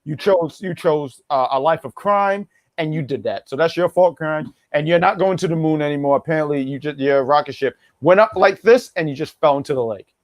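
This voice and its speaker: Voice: medium pitch, brisk, no echo, highs cut off. A co-host of a wrestling review show in casual chat, joking around, ranting and laughing often.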